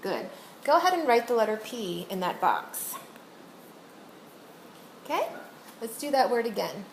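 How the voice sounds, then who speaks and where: A woman's voice: fairly high pitch, very animated, a little slow, vocal fry. A woman reading teacher giving one-on-one literacy instruction, guiding a student with patient, step-by-step questions. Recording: roomy echo, faint background noise.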